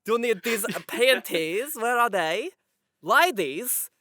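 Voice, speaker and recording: A man voicing an awkward young guy who drawls slowly. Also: very high-pitched, animated, sharp tone, no echo, clean studio sound, heavily acted. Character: awkward slow-talking young guy asking ladies.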